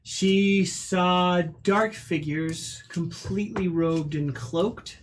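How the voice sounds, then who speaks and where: A woman narrating as game master of a tabletop game, calm and matter-of-fact. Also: on the low side, drawn-out words, a little hiss or hum.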